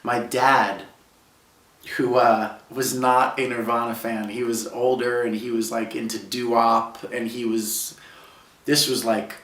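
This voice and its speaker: A man's voice: mid-range voice, level tone, slow pace, a bit bright, distant mic. A man in his thirties from Brooklyn, New York, a musician telling personal stories in a casual, heartfelt way. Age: 30s. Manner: casual, heartfelt, heavy use of "like". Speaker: musician guest. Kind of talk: reflective personal storytelling. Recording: roomy sound, speaker away from mic.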